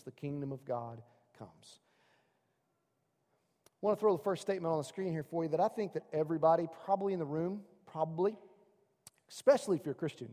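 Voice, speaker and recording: A male pastor delivers a sermon in a church hall, his voice sitting a little high for a man. He swings from loud, excited calls to the congregation down to hushed, intimate asides. A long reverb trails each phrase. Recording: long reverb of a large room.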